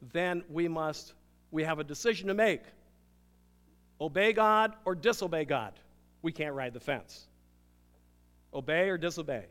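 An older man, a pastor, preaching a sermon with emphatic swings between loud declarations and hushed, intimate moments. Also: sits high. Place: church sanctuary. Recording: long hall reverb.

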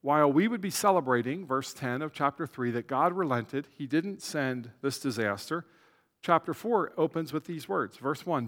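A man's voice: a little high, big pitch swings, normal speed, long reverb tail. A man pastor giving a conversational sermon, with asides and self-corrections.

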